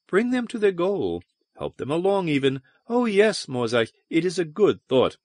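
A man's voice: a little high, big pitch swings, normal speed, no room sound, studio quality, voice pushed up. Man voicing a purring, cruel sorceress. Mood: teasing, soft. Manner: soft, purring, playful and cruel. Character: seductive, mocking alien sorceress woman.

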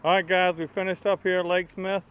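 A man's voice: high-pitched, little pitch movement, brisk, smooth, narrow, tinny audio. A man hosting a fishing vlog outdoors from a boat on a lake, chatting easily and coaching the boys. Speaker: fishing vlogger and host. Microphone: action camera.

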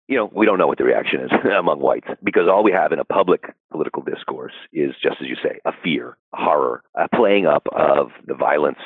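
A man with a very deep, gravelly voice and a husky edge answers in a podcast interview. He talks in a thoughtful, discursive way, stacking "you know" as he goes. The sound is dry and thin, like a phone line. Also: dry recording. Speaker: historian guest. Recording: dry, phone-like call audio.

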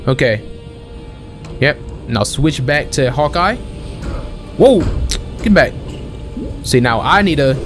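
A young man giving casual let's-play commentary as a gaming channel host, chatting and questioning the game out loud. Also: on the high side. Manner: chatty, questions the game aloud, calls everyone bro.

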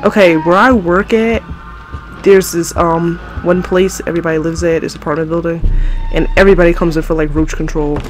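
A woman's voice: fairly low pitch, fairly even intonation, fairly quick, faint music behind, low-quality recording. A woman playing a horror game on her own microphone, panicking, swearing constantly and yelping in fright as she talks to her viewers. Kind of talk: let's play commentary. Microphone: own desk mic, moved back to avoid clipping.

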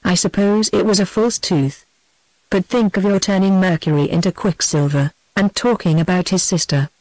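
A woman's voice: lowish voice, fairly even intonation, moderate pace, a little mellow, no room sound, poor audio. A synthetic British English woman's voice reading the teasing lines of a pert young girl. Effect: synthetic text-to-speech voice.

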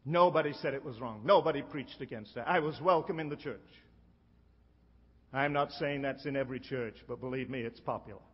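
A middle-aged man preaching a sermon in an emphatic way, slowing down to stress his key lines. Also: mid-range voice, breathy edge. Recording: dull sound with long hall reverb.

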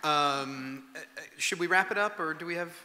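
Bright-voiced man moderating from off-mic in a hall. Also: fairly high pitch. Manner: brisk, jokey interjections. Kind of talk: moderating audience questions. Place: museum auditorium.

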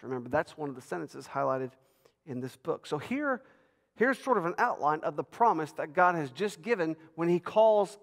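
Male Bible lecturer, lively teaching delivery with emphatic rises, fairly high voice, long hall reverb. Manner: animated, rises in pitch and volume for emphasis.

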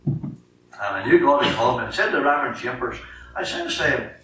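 A middle-aged Northern Irish man tells his testimony from the pulpit, bright and forceful in tone, acting out each exchange as he goes. He sounds set back from the mic, his voice ringing through a very echoey church with a faint hiss underneath. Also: medium pitch, a little fast, distant mic. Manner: animated storyteller acting out dialogue. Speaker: lay preacher giving testimony. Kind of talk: sermon testimony. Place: church sanctuary.

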